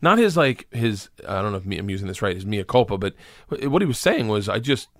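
A man's voice: fairly low pitch, sing-song, quick pace, no echo, studio quality. A man, a comedian, telling a rambling, profane story in casual conversation, now and then acting out the people in it. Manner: rambling, profane, acts out voices of people in his stories. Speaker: comedian guest.

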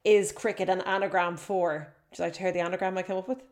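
A woman's voice: on the low side, fairly even intonation, fast talker. A woman co-hosting a podcast, playful and giggly in casual chat. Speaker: podcast co-host.

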